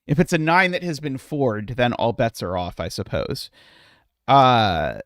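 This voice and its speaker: Slow, hesitant man thinking aloud. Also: medium pitch, lively intonation, a bit bright, no echo, studio quality. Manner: hesitant, muttering, many filler pauses. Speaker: puzzle streamer. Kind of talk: thinking aloud while solving a puzzle.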